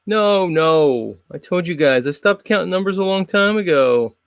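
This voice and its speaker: A man's voice: high-pitched, animated, moderate pace, smooth, no room sound, voice pushed up. A man voicing a sulking, angry, drinking middle-aged father who grumbles and swears. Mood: defensive.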